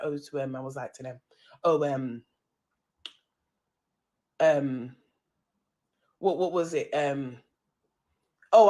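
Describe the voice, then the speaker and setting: Hosting a live-stream radio show, a low-voiced woman with a London accent tells a heated story packed with slang and swearing.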